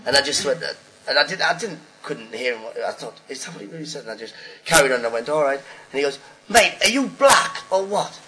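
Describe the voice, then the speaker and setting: A middle-aged man, a stand-up comedian, telling a rambling anecdote with animated acted-out voices. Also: mid-range voice, quick pace, slight background noise, rough recording. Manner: animated, acts out voices of hecklers and friends. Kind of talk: storytelling comic monologue.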